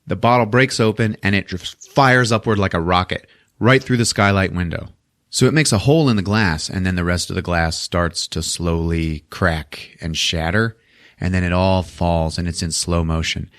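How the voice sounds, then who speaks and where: A man hosting a podcast who recaps a horror film in a casual, animated way, laughing often and swearing. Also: low voice, moderate pace, no echo, clean studio sound. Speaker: podcast host.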